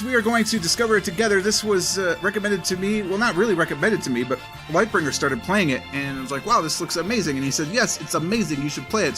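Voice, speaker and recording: A man hosting a let's play, chatting casually and rambling as he plays, often correcting himself mid-sentence. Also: fairly high pitch. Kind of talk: casual game commentary.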